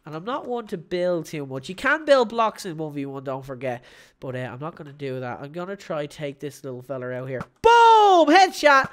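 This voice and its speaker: Excitable woman shouting over game commentary. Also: deep voice, fairly quick. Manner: excitable, shouts at big moments, playful made-up words. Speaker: gaming channel host. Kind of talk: live gameplay commentary.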